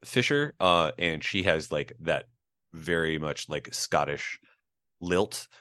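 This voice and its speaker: Speaking slowly with a very deep, bright, forceful voice, this man co-hosts a podcast and talks loosely about a movie, often restarting and using fillers. The recording is clean studio sound without echo.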